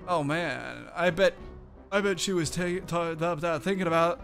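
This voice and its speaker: A man's voice: fairly high pitch, normal speed, vocal fry, a bit bright, faint music behind. A man voicing a brash, boastful teenage bully in a let's-play, reading the game's dialogue in a cocky, taunting way. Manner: cocky, taunting reading of on-screen game text.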